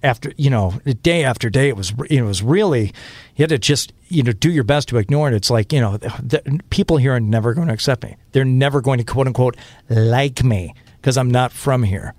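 A man's voice: medium pitch, a little fast, a little mellow, no echo. A man in his fifties from Michigan, a radio host telling stories in a rambling way with many fillers. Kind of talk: casual podcast interview.

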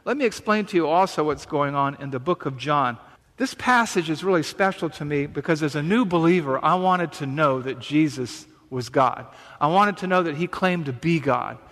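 A man's voice: a little high, a bit bright, long reverb tail. A man delivering a sermon, reading scripture and then explaining it in a conversational preaching style with rhetorical questions. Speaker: pastor.

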